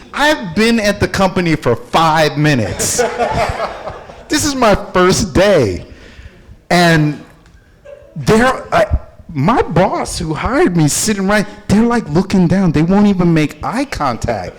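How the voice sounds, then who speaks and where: A man from Houston, a company founder, tells a story in an interview. He is animated and acts out the people he describes. His delivery has the easy rhythm of a practiced storyteller. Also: high voice, slow. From Houston, Texas.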